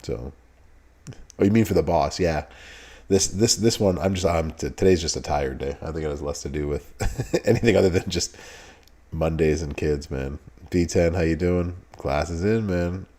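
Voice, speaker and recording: A man with a deep, low-pitched voice hosts a relaxed live stream. He chats casually, greets viewers one by one, and laughs easily between remarks. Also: moderate pace. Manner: laid-back, greets chat viewers by name, laughs often. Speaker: streamer host.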